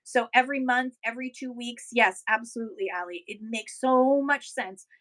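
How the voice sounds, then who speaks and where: A woman's voice: on the high side, normal speed, a bit bright, rough recording. A woman hosting a casual livestream, reading viewer comments aloud and encouraging sellers with upbeat tips.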